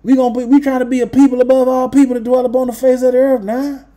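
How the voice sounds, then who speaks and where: A man's voice: very high voice, flat delivery, quick pace, mellow, pitched above the performer's own voice. A man voicing a greedy, scheming male temple leader who mocks and plots in slangy, sarcastic talk. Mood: mocking. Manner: sarcastic, slangy, wheedling then plotting.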